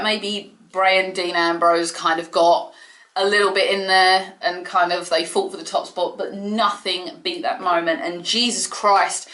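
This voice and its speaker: A woman giving an excitable, chatty solo review of a wrestling show from her home. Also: fairly low pitch, roomy sound. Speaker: wrestling vlogger. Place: home room.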